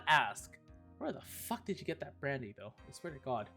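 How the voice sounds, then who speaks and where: A woman streamer voicing the lawyer in a game, expressive and swearing freely. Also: extremely low pitch, fairly quick, husky, faint music behind. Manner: expressive, swearing, laughs at herself. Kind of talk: live-stream game dub reading.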